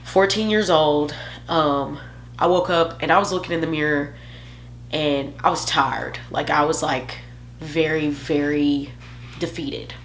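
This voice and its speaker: Young woman vlogging, low voice, real candid and emotional, little hum in the background. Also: steady tone, a little slow. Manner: candid, emotional, self-joking. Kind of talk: personal storytelling vlog.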